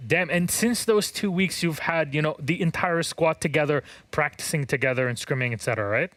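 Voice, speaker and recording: A man's voice: fairly high pitch, brisk, fairly bright tone, no room sound. A man hosting a live esports analyst desk, joking and teasing his co-hosts before a player interview. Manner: jokey, teasing, upbeat.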